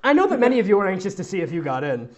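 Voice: medium pitch, sing-song, very fast, darkish tone. A fanfic reader giving a mocking comedic reading, breaking off for sarcastic asides and frequent laughter.

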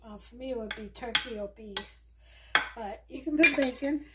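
A woman's voice: on the high side, normal speed, heavy background noise. A woman with a mixed Southern and New York accent hosts a casual home cooking demonstration, chatting in a laid-back way while she works in her kitchen. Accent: mix of Southern US and New York. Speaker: cooking show host.

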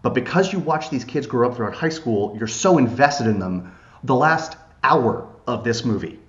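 A man's voice: mid-range voice, lively intonation, normal speed. A man co-hosting a podcast, speaking earnestly in casual chat, often with short agreeing replies. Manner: earnest, brief affirmations. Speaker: podcast co-host. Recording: dull, roomy audio.

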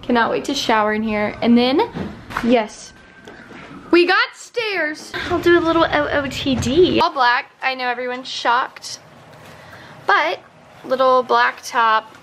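Bubbly high-voiced young woman vlogging. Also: normal speed. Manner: bubbly and gushing. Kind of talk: casual travel vlog. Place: busy public places like an airport and restaurants. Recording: loud music and crowd noise behind.

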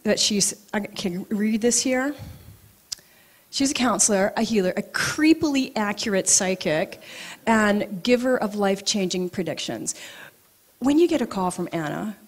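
A middle-aged woman telling personal stories at a live event, animated and acting out both sides of her conversations. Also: mid-range voice, unhurried. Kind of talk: live storytelling talk. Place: event venue, audience present.

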